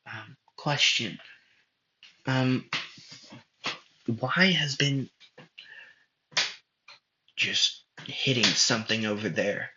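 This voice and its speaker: A man voicing a shy young winged female healer who speaks softly and hesitantly, in a fan-made spoken story. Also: mid-range voice, very slow, pauses often, a little hiss or hum, heavily acted. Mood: timid. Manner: soft, hesitant, nervous. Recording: echoey room, dull lo-fi sound.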